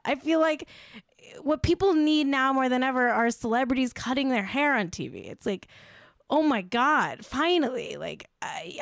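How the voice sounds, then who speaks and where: A woman hosting a comedy podcast, delivering a sarcastic, exaggerated rant with deadpan asides. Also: a little high, no room sound, clean studio sound. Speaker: podcast host.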